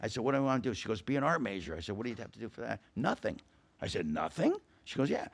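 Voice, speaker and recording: A man's voice: medium pitch, very fast, vocal fry. An older man, a podcast guest, telling comic stories in casual chat and acting out the voices of everyone he quotes. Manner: animated, acts out every quoted voice.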